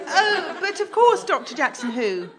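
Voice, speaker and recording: A woman's voice: very high-pitched, big pitch swings, a little slow, a crowd in the background, heavily acted. An actress with a British accent playing a female teacher in a school play as a coy, glamorous assistant, with a sing-song delivery.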